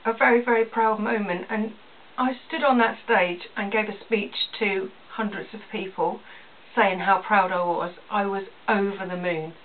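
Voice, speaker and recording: Over distant, tinny audio with a faint hiss that sounds like a phone, a small business owner from England vlogs about her life. She speaks at a medium pitch with fairly even intonation and normal speed, earnestly repeating phrases to drive her points home.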